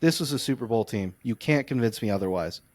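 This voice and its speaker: Animated rambling man on a podcast. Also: medium pitch, quick pace, no room sound. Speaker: podcast co-host. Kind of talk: casual sports chat. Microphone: close podcast mic.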